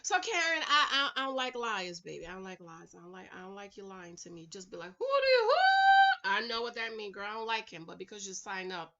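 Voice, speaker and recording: A woman's voice: medium pitch, fast, hardly any pauses, bright, forceful tone, highs cut off. A woman recording a casual, sassy recap vlog at home, chatting to her viewers and calling them y'all, honey and girl. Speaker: reality TV recap vlogger.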